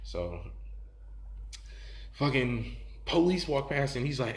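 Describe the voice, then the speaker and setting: A man's voice: medium pitch, sing-song, a little slow, long pauses, reverberant. A man telling a story in casual, profane talk, rambling and laughing as he goes.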